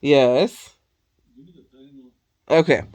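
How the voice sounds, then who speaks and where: This vlogger's voice is rumbling low, a little mellow, and extremely slow. She's venting casually, cursing nonstop in an exasperated rant, sighing often and leaning heavily on "like" as filler.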